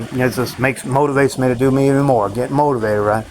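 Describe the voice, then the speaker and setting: A man's voice: medium pitch, steady tone, fairly quick, a little mellow, low-quality recording. A man ranting in a rambling vlog monologue, frustrated and swearing often, with faint vehicle noise behind him. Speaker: vlogger.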